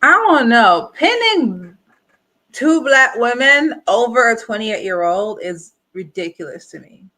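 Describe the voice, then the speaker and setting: Bright-voiced incredulous woman reviewer. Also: fairly high pitch, big pitch swings, unhurried. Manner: blunt, incredulous, repeats rhetorical questions. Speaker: reaction host. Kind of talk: casual live review commentary.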